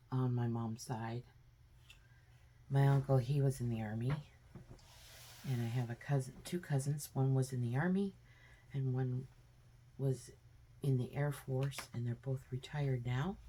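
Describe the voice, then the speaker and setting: Low-pitched lady walking you thru a recipe in her home kitchen, slow and easygoing, lots of ums, some faint noise behind her. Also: dark tone. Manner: chatty, homey step-by-step explaining with many fillers. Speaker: home cook vlogger. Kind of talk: casual cooking demonstration.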